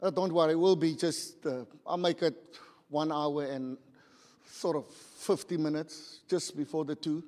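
High-voiced preacher. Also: male voice, a little slow. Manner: animated, rousing the congregation. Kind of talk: sermon. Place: church hall. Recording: long church hall reverb.

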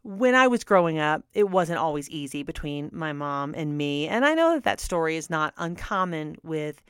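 Smooth-voiced earnest woman host. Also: sits low, big pitch swings, normal speed, a bit bright, no echo, studio quality. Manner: earnest, candid, laughs often. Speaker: radio host. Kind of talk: personal testimony talk.

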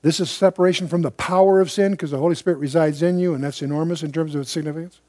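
A man's voice: fairly high pitch, steady tone, very fast, darkish tone, dry recording, clean studio sound. An older man teaching the Bible verse by verse to a room, conversational and digressive, with emphatic asides. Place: room with a live audience.

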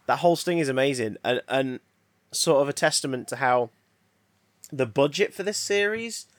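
Man, podcast co-host, lively jokey chat, close dry sound. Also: mid-range voice, no echo. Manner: animated, jokey, quick asides with laughs. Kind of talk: casual chat.

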